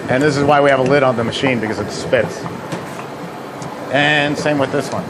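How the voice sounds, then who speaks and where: A man's voice: medium pitch, normal speed, heavy background noise. A middle-aged man casually demonstrating frozen dessert recipes in a kitchen, telling folksy anecdotes with plenty of fillers. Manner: folksy storyteller, chatty with frequent uh fillers. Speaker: ice cream machine company head demonstrating recipes.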